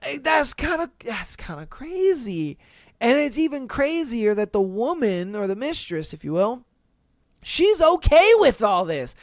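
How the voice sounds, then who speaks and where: A woman hosting a podcast, reading a listener's story aloud and reacting in an animated, slangy way with plenty of swearing. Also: on the high side, slow, dry recording, studio quality. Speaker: podcast host.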